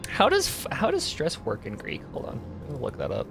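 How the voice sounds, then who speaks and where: A man streaming a game, talking casually with a lively, bouncing pitch. He thinks out loud and tries words again and again, with faint game music under his voice. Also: brisk, creaky. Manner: chatty, muses aloud, repeats words over and over. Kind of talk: casual live game commentary.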